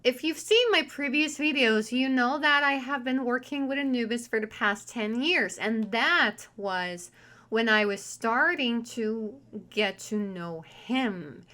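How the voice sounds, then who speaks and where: A woman's voice: fairly high pitch, lively intonation, slow, pushed and bright. A woman vlogger telling a personal story in a chatty, candid and wry way. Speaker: spiritual vlogger and tarot reader. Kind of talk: casual storytelling monologue.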